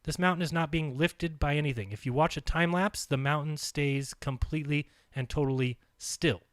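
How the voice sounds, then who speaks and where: A man's voice: fairly high pitch, moderate pace, no echo, studio quality. A man hosting his own channel, commenting insistently over video clips, repeating his points with emphasis. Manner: talks while eating. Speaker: channel host reacting to a video.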